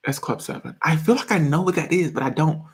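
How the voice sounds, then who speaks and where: Giggly, chatty young man, slightly high. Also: lively intonation, quick pace. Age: 20s. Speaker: live-stream host. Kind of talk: casual live-stream chat reading comments.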